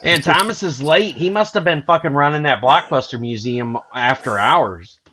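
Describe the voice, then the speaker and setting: An American man tells a rowdy story on a panel show, his voice bright and forceful. He talks crudely and jumps into mock voices for the people in his tale. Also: on the high side, normal speed, rough recording. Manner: crude, animated storyteller who puts on voices in quotes. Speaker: podcast panelist. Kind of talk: casual storytelling chat.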